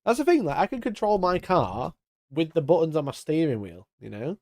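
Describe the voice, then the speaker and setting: A British man hosting a casual live stream, chatty and mock-indignant, talking into a boom-arm mic. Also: very animated, a little fast, a little mellow, dry recording, studio quality. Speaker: streamer host. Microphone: studio mic on boom arm.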